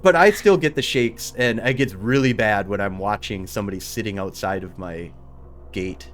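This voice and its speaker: A man hosting a podcast, chatting casually and excitably, laughing and acting out little scenes. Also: fairly low pitch, normal speed, slight background noise. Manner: excitable, laughs, acts out quotes. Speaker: podcast host. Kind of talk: casual interview chat.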